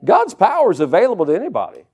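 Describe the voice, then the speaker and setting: Male preacher, high and very lively pitch, conversational sermon with homey examples. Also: rapid-fire, husky. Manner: animated, conversational, folksy asides. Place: church service with congregation.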